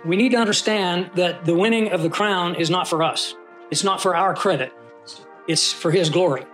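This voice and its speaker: A man with a fairly high voice leads a Bible class in a relaxed, conversational way. He reads scripture aloud with rising emphasis and keeps asking his listeners questions. Soft music plays faintly underneath. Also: fairly quick. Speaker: Bible teacher. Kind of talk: conversational Bible study teaching.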